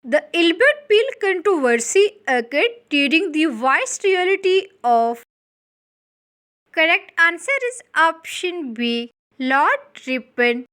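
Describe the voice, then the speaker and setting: Very high, bright-voiced woman reading quizzes. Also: animated. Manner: measured, evenly paced reading. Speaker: quiz presenter. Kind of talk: reading exam quiz questions and answers.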